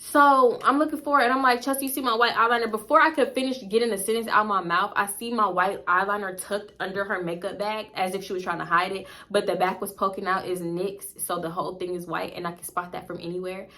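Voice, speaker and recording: Bright-voiced young woman telling a story. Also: medium pitch, a little fast, hardly any pauses. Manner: blunt, animated, profane, gossipy storytelling. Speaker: vlogger. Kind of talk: casual storytime.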